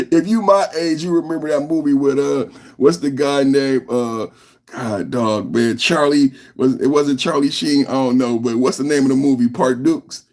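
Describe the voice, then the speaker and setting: Speaking unhurriedly in a slightly mellow, mid-range voice, this podcast host reacts live in a heated rant. He repeats himself a lot and leans on rhetorical questions.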